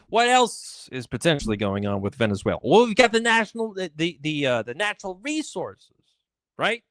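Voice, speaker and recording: A man rants through a solo political live stream with biting sarcasm and open indignation. His voice sits fairly high and swings up and down with lively emphasis. The sound is close and dry, with no room around it. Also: dry recording. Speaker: political commentary host.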